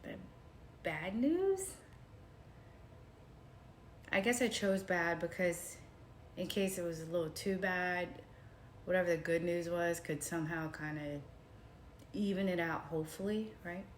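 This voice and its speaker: A woman telling a personal story to her viewers in a casual, animated way, calling them y'all and swinging from hushed retellings to excited outbursts. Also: lowish voice, unhurried, long pauses, slight background noise. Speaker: vlogger.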